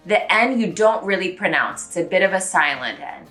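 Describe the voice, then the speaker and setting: A young American woman giving a casual pronunciation lesson, chatty and repeating words slowly to drill them. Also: mid-range voice, expressive, sharp tone, soft background music. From United States. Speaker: language teacher.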